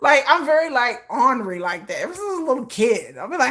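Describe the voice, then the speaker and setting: A woman's voice: fairly high pitch, expressive, brisk, fairly bright tone. A woman hosting a casual fan livestream, rambling and laughing as she talks to her chat, swearing freely. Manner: swears freely, Southern-flavored slang. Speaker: livestream host.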